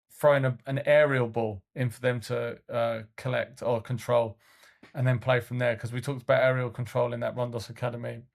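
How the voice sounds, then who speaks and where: Gravelly man, rambling chat. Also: medium pitch. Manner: rambling storytelling with many fillers and restarts. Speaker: podcast co-host and youth football coach. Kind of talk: casual podcast chat.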